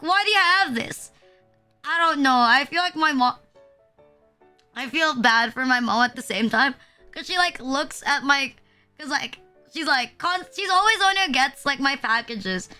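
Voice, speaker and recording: Bright, high-voiced young woman streamer. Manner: rambling, filler-heavy, swears casually. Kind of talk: casual live-stream chat.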